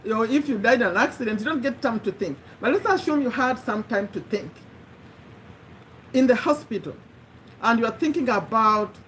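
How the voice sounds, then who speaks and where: A woman's voice: on the high side, expressive, fairly quick, slight background noise, rough recording. A woman giving an earnest, conversational motivational talk, repeating her key phrases for emphasis. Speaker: motivational speaker.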